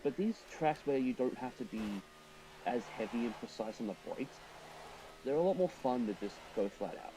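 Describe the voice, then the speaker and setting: A man's voice: medium pitch, expressive, moderate pace, background noise. A man streaming a racing game, chatting casually and thinking aloud while he drives and answers his viewers.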